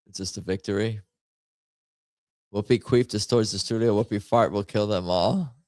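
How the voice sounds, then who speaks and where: A man with a fairly low voice chats casually while he plays a party game on stream. He rambles and jokes at his own expense. The sound is dry and close, with no room echo. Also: normal speed, pauses often, darkish tone. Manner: rambling, jokey, self-mocking commentary. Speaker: stream host playing party games.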